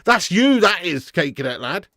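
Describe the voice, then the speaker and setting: A man's voice: high-pitched, very animated, normal speed, sharp tone, slight background noise. A man hosting a live football watch-along stream, joking with chat in slangy banter and laughing often.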